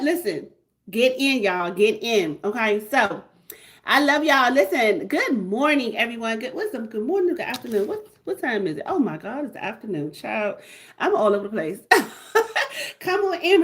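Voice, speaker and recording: Hyped woman pitching on a livestream. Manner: repetitive, hyped, call-and-response. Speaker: livestream host selling a membership.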